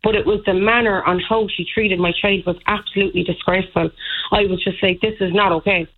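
A woman's voice: medium pitch, fairly even intonation, fairly quick. An Irish woman in her thirties calling a radio show, telling a story in a rambling, indignant way with many fillers. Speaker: caller. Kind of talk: phone-in call. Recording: tinny phone line.

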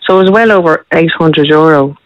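A woman's voice: sits low, a little fast, no echo. A woman calling in to a radio show, talking plainly and a little hesitantly. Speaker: caller. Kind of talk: radio phone-in. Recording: dull phone line.

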